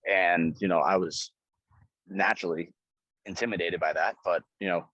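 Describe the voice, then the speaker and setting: A man's voice: deep voice, steady tone, moderate pace, fairly bright tone, no room sound, muffled recording. A young man in his twenties, a pro hockey goaltender, recounting a game in casual, emotional storytelling, swearing and repeating phrases as he gets caught up.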